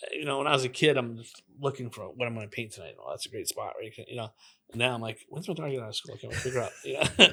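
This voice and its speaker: Animated storytelling man in his fifties. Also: medium pitch, fast. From Los Angeles, US. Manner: animated storyteller who acts out the voices of people in his stories. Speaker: guest graffiti artist. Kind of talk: casual storytelling interview.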